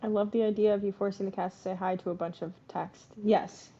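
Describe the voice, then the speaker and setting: A woman's voice: mid-range voice, fairly even intonation, a little fast, warm tone, lo-fi sound, slight background noise. A woman hosting a casual live stream, chatting and coaxing her pets in between bits of play-by-play.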